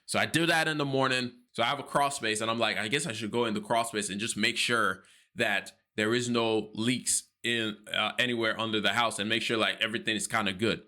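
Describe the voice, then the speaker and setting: A man with a bright, forward voice tells a personal story on his finance vlog. He is earnest and devout, and he acts out his own worried reactions and prayers as he speaks. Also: fairly low pitch, steady tone, fairly quick.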